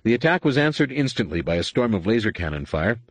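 A man reading a science-fiction novel aloud as a dramatic, animated audiobook narrator. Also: lowish voice, fast, breathy edge, dry recording. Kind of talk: scripted narration.

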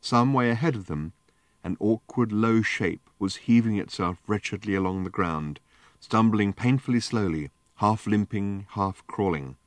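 A man reading an audiobook in measured, deadpan narration. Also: lowish voice, no echo. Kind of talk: scripted narration.

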